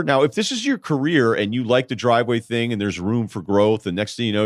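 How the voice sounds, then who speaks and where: A man's voice: on the low side, no room sound, clean studio sound. A man hosting an advice podcast, talking casually and bluntly, rambling and swearing freely. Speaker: podcast host giving advice.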